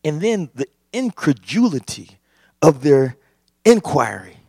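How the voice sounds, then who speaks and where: A man preaching a sermon, impassioned and building to shouts. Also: a little high, sing-song, slow, creaky, slightly rough, dry recording, studio quality. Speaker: pastor.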